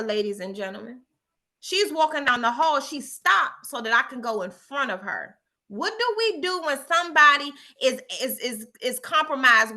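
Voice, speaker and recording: A woman's voice: high-pitched, sharp tone. A middle-aged woman telling a story and giving a motivational talk, with emphatic repetition and a preachy tone. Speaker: motivational speaker.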